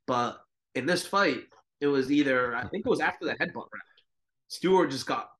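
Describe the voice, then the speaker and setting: A man's voice: mid-range voice, moderate pace, fairly bright tone. A man co-hosting a boxing podcast, talking in a laid-back, profane way full of filler words. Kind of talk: casual chat.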